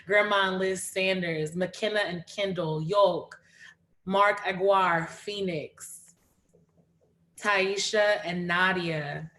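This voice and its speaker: A woman hosting a livestreamed poetry reading, lively and chatty, calling out names and urging the audience on. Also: lowish voice, slow pace. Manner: lively, calls out names and cheers on the chat. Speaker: host of an online reading series.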